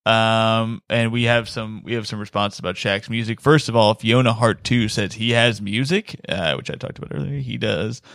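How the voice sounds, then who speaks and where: Male podcast host, casual chat, quick and laughing, dry close mic. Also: fairly low pitch, steady tone, creaky, a bit bright, dry recording. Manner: fast, laughing, retells scenes acting out lines.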